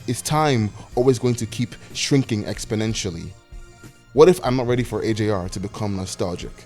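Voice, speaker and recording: A man's voice: on the low side, brisk, darkish tone, soft background music. A 21-year-old man narrating a scripted video essay with wry, self-deprecating, anxious rambling.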